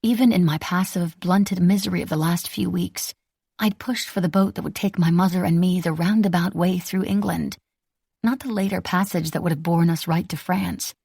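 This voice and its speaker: Low, gravelly woman narrating a novel. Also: fairly even intonation, moderate pace, a little mellow, no room sound, studio quality. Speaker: audiobook narrator. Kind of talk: first-person novel narration.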